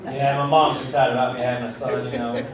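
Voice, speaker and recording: A man's voice: medium pitch, little pitch movement, quick pace, heavy background noise. A man doing a stand-up comedy set on a club stage, with a brash, punchy delivery and voices for the people he quotes. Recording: roomy club recording from a distance with crowd. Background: audience laughter.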